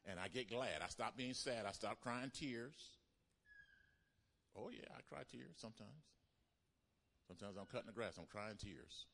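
A male pastor preaching a sermon with call-and-response, swinging between loud emphatic lines and hushed, quiet ones. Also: deep voice, animated, moderate pace, pauses often. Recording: reverberant hall.

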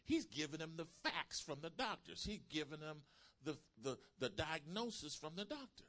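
A man preaching a sermon, retelling a healing testimony and building to loud, emphatic calls to the congregation. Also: on the high side, very animated, moderate pace.

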